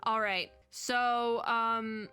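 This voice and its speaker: A woman's voice: fairly high pitch, little pitch movement, extremely slow, sharp tone, clear, resonant tone, soft background music. A young woman giving playful, teasing commentary while playing a video game. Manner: playful, laughing, teasing the characters. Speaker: gaming video creator.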